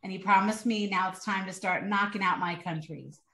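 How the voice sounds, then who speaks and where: A woman's voice: mid-range voice, a little fast, bright, forceful tone. A woman hosting a podcast interview, joking and steering the questions in a casual way. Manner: friendly, joking, leading questions. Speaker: podcast host. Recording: roomy echo.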